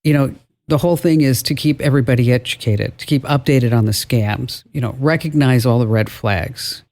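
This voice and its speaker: A man hosting a call-in radio show about technology. His talk is casual and unscripted, full of "you know" and restarted phrases. His voice sits at an ordinary middle pitch. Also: darkish tone. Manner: conversational, often restarts phrases, drawn-out emphasis. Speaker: radio tech show host.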